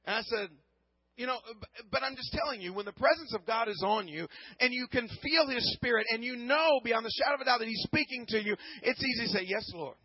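A man preaching a sermon, telling a personal story earnestly, often repeating words and swinging from hushed to loud. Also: very high-pitched, fairly quick, breathy edge, no room sound, lo-fi sound. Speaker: pastor.

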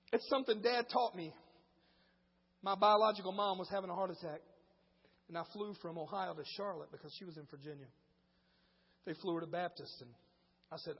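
A male pastor preaching a sermon, moving between quiet storytelling and shouted preaching in casual speech. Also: high-pitched, slightly rough, long reverb tail, highs cut off. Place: church.

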